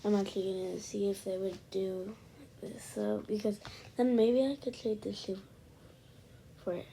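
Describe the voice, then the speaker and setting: A woman chatting casually over gameplay on her own microphone, rambling and dropping into soft asides, with a high, pitchy voice. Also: steady tone, moderate pace, gravelly. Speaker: gaming channel host. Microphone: own desk microphone. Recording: noisy home recording with hiss and clicks.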